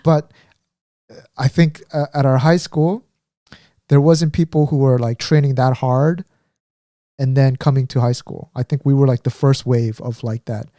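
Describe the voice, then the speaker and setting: A man in his thirties rambles through a casual podcast story, full of fillers, restarts and trailing thoughts. His voice is dark and mellow. The sound is close and dry, with no room in it. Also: mid-range voice, fairly even intonation, moderate pace, no room sound. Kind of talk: casual chat.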